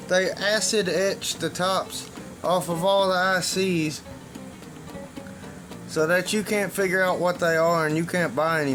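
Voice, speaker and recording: Loud, high-voiced joking DIY man. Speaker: channel host, circuit bender. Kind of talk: casual DIY vlog.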